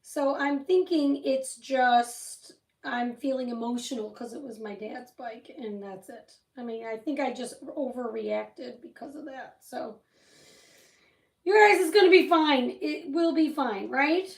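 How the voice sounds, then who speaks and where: A chatty woman with a high voice rambles through a story while she crafts on a livestream. She sits a little back from the mic, and the room gives her voice a roomy echo. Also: measured pace, gravelly, recorded from a distance. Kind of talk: casual chat while crafting.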